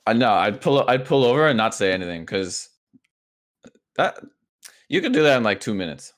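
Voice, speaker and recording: A man co-hosting a podcast in casual chat, easygoing and halting, restarting his sentences. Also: mid-range voice, very animated. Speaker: podcast co-host.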